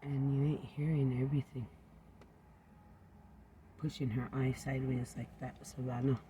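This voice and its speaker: A man's voice: mid-range voice, level tone, normal speed, noisy background. A man rambling into a home recording, drifting from topic to topic and often sinking to a near-whisper.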